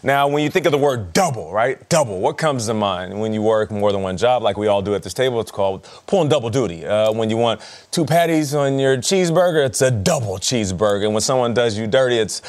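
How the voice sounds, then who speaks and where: A man co-hosting a morning football show, playfully building jokes before narrating game film with excitement. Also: medium pitch, a little fast. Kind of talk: animated sports segment breakdown.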